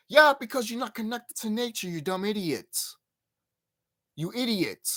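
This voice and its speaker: A man hosts his own channel and delivers an emphatic, profane rant in reaction to a clip. His voice swings widely in pitch as he pushes his points hard. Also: expressive, moderate pace, bright, forceful tone. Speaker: channel host.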